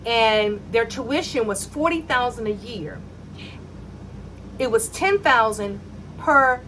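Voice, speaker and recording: A middle-aged woman telling a personal faith story as a mother, animated and acting out the dialogue in it. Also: a little high, a little hiss or hum.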